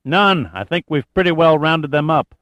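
A man's voice: fairly high pitch, moderate pace, fairly bright tone, dry recording, voice pushed up, close to an everyday voice. A man voicing a blunt male army major reporting by radio in clipped military talk.

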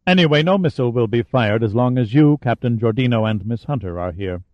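A man voicing a gaunt giant villain who speaks in a cold, calm, clipped way, on a dry, slightly dull recording. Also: medium pitch, fairly quick, no echo, close to an everyday voice.

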